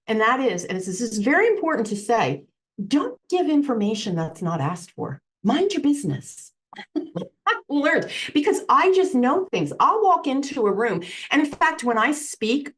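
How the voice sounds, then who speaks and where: Animated, expressive woman psychic guest. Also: medium pitch. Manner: animated storyteller, acts out quotes, laughs easily. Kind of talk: casual interview chat. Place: home room with crystals on shelves.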